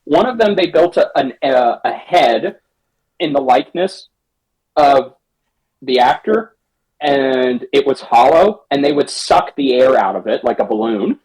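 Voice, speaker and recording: Husky-voiced man rambling on a podcast. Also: medium pitch, expressive, a little slow, darkish tone, rough recording. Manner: rambling, restarts, acts out lines in raised voices. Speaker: podcast co-host. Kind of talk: casual chat, retelling a game scene.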